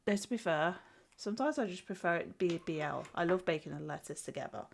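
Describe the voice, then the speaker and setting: A woman's voice: on the low side, expressive, a little fast, creaky. A young woman streaming while she draws. She has a stuffy nose from a cold and chats casually with viewers, giggling often and restarting her sentences. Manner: chatty, giggly, answers chat, frequent restarts. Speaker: streamer and artist. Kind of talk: casual live-stream chat while drawing.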